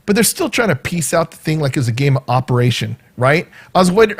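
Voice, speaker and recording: Man, vlogger, casual storytelling, animated, fairly high voice. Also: fast, few pauses, husky. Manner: animated, acts out quoted voices and sound effects.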